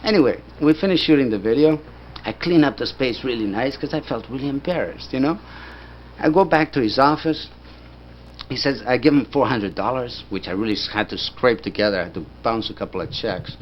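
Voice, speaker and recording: A man's voice: medium pitch, brisk. Older man telling a story, lo-fi. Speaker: filmmaker recounting his career. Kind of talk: casual anecdotal storytelling. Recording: dull lo-fi recording with faint background noise.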